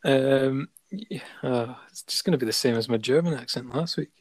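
A man's voice: medium pitch, normal speed, breathy edge, no echo. Sweary joking man, dry sound. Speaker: podcast co-host. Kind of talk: casual banter.

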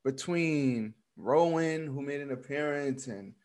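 A man's voice: a little high, slow pace, darkish tone. Blunt, laughing podcast man. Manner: blunt, swears freely, laughs often. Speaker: podcast co-host. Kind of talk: casual wrestling podcast chat.

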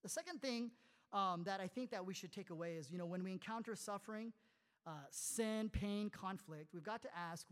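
A man preaching a sermon as a pastor, conversational and animated, full of rhetorical questions. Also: high-pitched, fairly quick, big-room sound.

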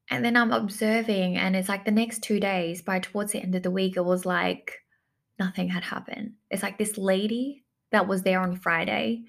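Speaking to camera as a coach addressing her audience, a woman with a lowish voice and vocal fry tells a personal story. She's reflective and repetitive, leaning on "like" and other fillers and circling back to the same phrases.

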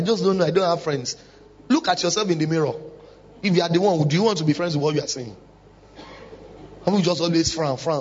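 Man, pastor, sermon, high-pitched, muffled lo-fi sound. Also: slight background noise. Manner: emphatic preaching with rhetorical questions. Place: church. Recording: dull lo-fi recording.

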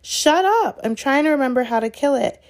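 Woman reading as a bossy girl witch, storybook, sharp commands, high. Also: normal speed. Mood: frantic.

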